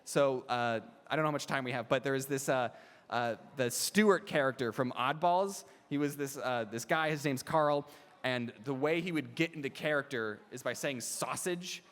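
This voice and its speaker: On stage at a live panel in a large convention hall, a young man answers fan questions before an audience on a handheld mic, his medium-pitched, fairly bright voice at a moderate pace. He rambles, laughs and restarts sentences, and the hall's PA makes everything echoey.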